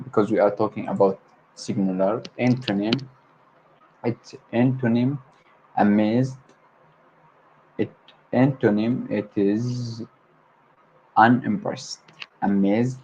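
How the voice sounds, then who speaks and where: Low-voiced guy, arabic native, livestreaming english word practice, keeps repeating words, faint hiss in the background. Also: warm tone, dull audio. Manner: repeats words over and over, stumbles and corrects himself. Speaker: language learner hosting a livestream. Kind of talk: solo livestream vocabulary practice.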